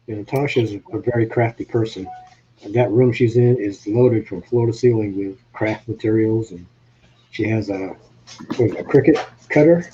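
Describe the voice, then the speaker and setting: A man's voice: fairly low pitch, normal speed, mellow, dull audio, a little hiss or hum. A man with a New England accent hosting a casual live-stream chat, easygoing and plain-spoken. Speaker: host.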